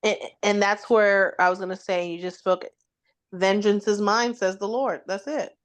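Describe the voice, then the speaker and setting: A woman in a casual Bible study discussion who laughs easily and talks in a warm way. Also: mid-range voice, steady tone, moderate pace.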